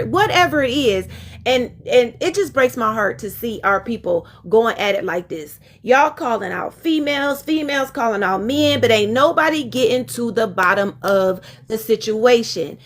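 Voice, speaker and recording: A woman relationship coach chatting frankly on her live stream, laughing easily between exasperated asides. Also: a little high. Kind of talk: casual live-stream talk.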